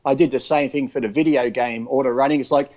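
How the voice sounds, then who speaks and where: A man's voice: medium pitch, steady tone, quick pace, a little mellow, lo-fi sound. A man with an Australian accent, co-hosting a casual chat, swearing freely and acting out comic voices in his stories. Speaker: co-host.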